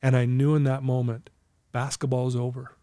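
A middle-aged man telling his own life story as a guest, earnest and candid, at times emotional and clearing his throat. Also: medium pitch, little pitch movement, brisk, mellow, dry recording, clean studio sound. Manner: earnest, candid, storytelling with quoted inner thoughts. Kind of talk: emotional personal testimony.

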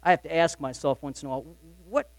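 A man preaching a sermon as pastor, emphatic, swinging between loud urgent lines and quiet confiding ones. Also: on the high side, quick pace, no room sound.

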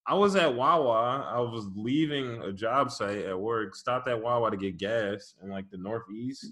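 A man in casual chat, telling an animated, profane story and laughing often. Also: medium pitch, a little slow, reverberant. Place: his office.

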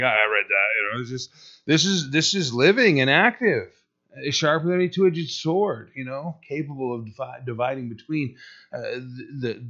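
A man's voice: mid-range voice, a bit bright. Guy preaching casually, lots of uh and you know, kinda muffled lo-fi sound. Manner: rambling, many fillers and restarts. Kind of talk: conversational sermon. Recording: dull lo-fi recording.

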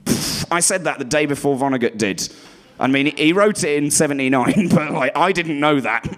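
A man doing a stand-up routine on stage, rambling and self-deprecating, often dropping into low muttered asides. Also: moderate pace, a bit bright. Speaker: stand-up comedian.

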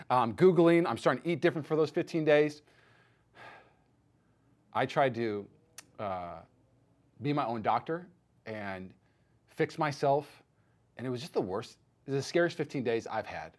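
A man in his thirties preaching a sermon as pastor, telling a personal story with animated acted-out dialogue. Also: fairly high pitch, moderate pace, long pauses. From United States. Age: 30s. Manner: animated storytelling, acts out quoted voices.

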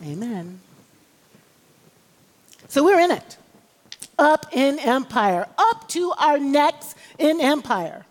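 A woman's voice: high voice, very animated, slow, long pauses. A woman preacher delivering an emphatic, rhythmic sermon and calling on the congregation for amens. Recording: long reverb of a large hall.

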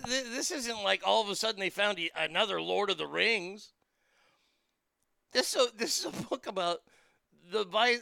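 Brash, profane man with a bright gravelly voice. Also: sits high, no room sound. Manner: brash, profane, laughing at his own jokes; reads news items aloud and riffs on them. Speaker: talk show host. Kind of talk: casual political commentary.

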